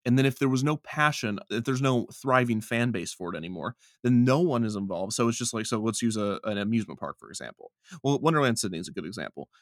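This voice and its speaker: A man talking loosely about his video work, circling back on his points and breaking into laughter as he gets going. His voice sits at a middle pitch, and the sound is close and dry with no room around it. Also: fast, hardly any pauses, dry recording. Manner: rambling, animated, laughs often. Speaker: video creator and podcast host. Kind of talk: casual conversation.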